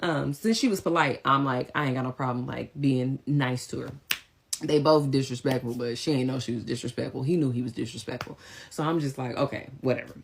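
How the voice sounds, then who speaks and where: A woman telling a personal story in a casual, animated, slangy way. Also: a bass voice, a little fast, vocal fry, a little hiss or hum. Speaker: vlogger.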